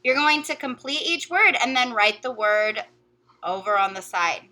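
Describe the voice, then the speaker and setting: A woman teacher giving a recorded phonics lesson to young children, sounding out letters and words slowly and carefully. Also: a little high, expressive, bright, forceful tone.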